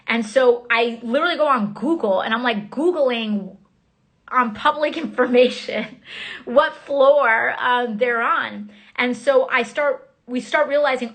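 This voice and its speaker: A woman with a somewhat high voice talks into her phone on a casual livestream. She recounts events in rushed, halting bursts, full of fillers and restarts. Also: fairly bright tone. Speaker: member of Congress.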